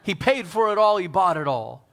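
A pastor preaching a sermon, talking straight to his congregation, swinging from loud fervent peaks to soft hushed lines. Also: high voice, very animated, moderate pace. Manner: talks straight to the congregation with questions.

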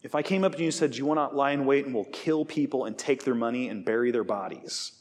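A man's voice: medium pitch, quick pace. A man in his forties preaching a sermon, telling stories with humor and acting out the voices of tempters and skeptics. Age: 40s. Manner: animated storytelling, acts out quoted voices, self-deprecating jokes.

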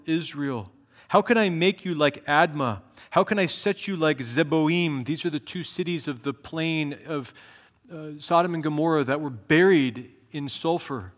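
Male pastor, mid-pitched, earnest sermon delivery with emphatic swells and low, slow drops; long church-hall reverb. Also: a bit bright. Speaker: preacher. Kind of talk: expository sermon.

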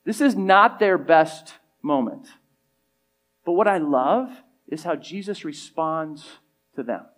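A pastor with a slightly higher voice preaches a casual, conversational sermon, acting out other people's lines. He takes it slowly with lively intonation, his volume swinging from loud emphasis to soft, quiet lines.

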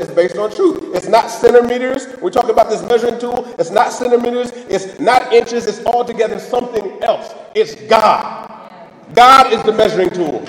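A man's voice: high voice, reverberant, in a large hall, low-quality recording. A man preaching a sermon in a conversational way, often asking "right?" and restarting his sentences.

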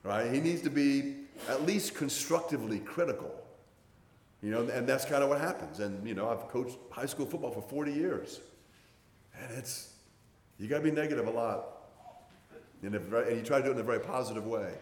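A man's voice: mid-range voice, animated, normal speed, pauses often, a little hiss or hum. A man in his sixties, a pastor giving a conversational sermon in a folksy, plainspoken storytelling manner. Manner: folksy, storytelling, plainspoken with many hedging fillers. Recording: roomy sound with long hall reverb.

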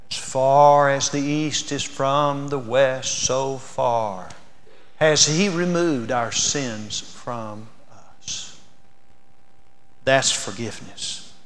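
An older man preaching a sermon in a church, earnest, moving from soft and slow passages to loud, fervent ones. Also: medium pitch. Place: church sanctuary. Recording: long reverb of a large hall.

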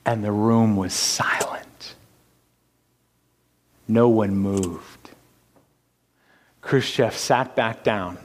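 A man preaches a sermon, taking his time over each phrase. He swings from hushed whispers up to loud, emphatic lines and keeps asking the congregation rhetorical questions. His voice rings with a long reverb through a church sanctuary. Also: fairly low pitch, steady tone, drawn-out words, long pauses. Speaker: pastor.

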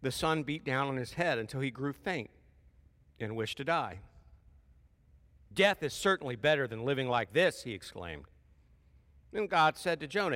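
A man's voice: medium pitch, normal speed, pauses often. Guy preaching in a church, voice bouncing all over, long hall echo. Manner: lively, rising to loud emphatic peaks, with folksy asides. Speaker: pastor. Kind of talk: sermon.

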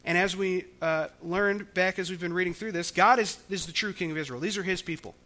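A man's voice: sits high, a little fast, sharp tone. A man preaching a sermon, explaining scripture in a conversational way with frequent restarts. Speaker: pastor.

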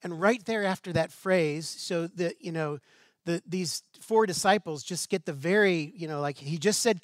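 Slightly high-voiced man preaching conversationally. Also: moderate pace, no echo, clean studio sound. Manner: conversational, with rhetorical questions and light asides. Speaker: pastor. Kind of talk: sermon.

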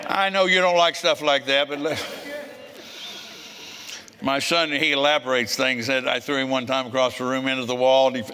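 A man in his seventies preaching a sermon, telling stories bluntly and growing forceful when he scolds. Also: mid-range voice, moderate pace. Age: 70s. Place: church service with congregation.

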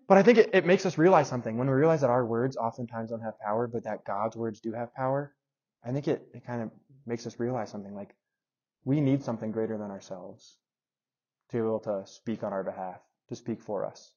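A man's voice: mid-range voice, a little fast, slightly rough, dull audio. A man giving a casual, story-driven sermon, addressing his audience directly and acting out his own phone calls. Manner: storytelling, animated and conversational, talks to audience members.

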